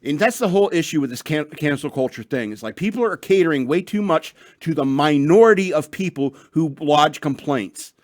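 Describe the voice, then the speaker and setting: A man's voice: a little high, lively intonation, a little fast, hardly any pauses, no echo, clean studio sound. A man hosting a radio show, ranting and reading news stories in a rambling, profane way with lots of restarts, a bit tipsy.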